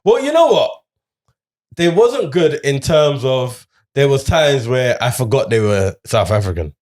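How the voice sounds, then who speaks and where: A man's voice: medium pitch, big pitch swings, a little slow, darkish tone. A young man co-hosting a film review show, talking easygoing and teasing in casual chat. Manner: easygoing, teasing banter with slang.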